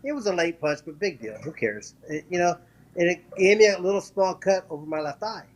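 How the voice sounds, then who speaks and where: A man with a high voice tells the story of one of his fights in a casual interview. He talks in quick bursts, tripping over restarts and repeats, and acts out the lines of the people in the story. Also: lively intonation. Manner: acts out quoted voices while telling a story. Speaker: former professional boxer, interview guest.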